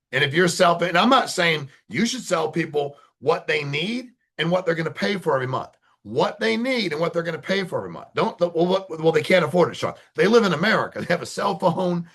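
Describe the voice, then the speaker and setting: A man coaching insurance agents in an interview, blunt and emphatic, talking fast in bursts and acting out phone calls with clients. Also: fairly high pitch, a bit bright, husky. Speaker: insurance sales leader.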